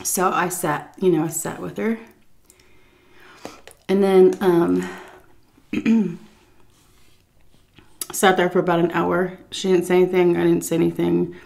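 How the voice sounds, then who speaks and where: A woman telling a casual story at her dinner table at home, chatty and full of "like" and "um", pausing now and then to eat. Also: lowish voice, little pitch movement, creaky, darkish tone. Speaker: YouTuber telling a story while eating. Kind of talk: casual storytelling over a meal.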